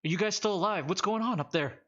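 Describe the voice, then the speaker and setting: A man doing a flustered young soldier, high and stammering. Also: quick pace, bright, forceful tone, dull audio. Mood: panicked. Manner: stammering, panicky questions.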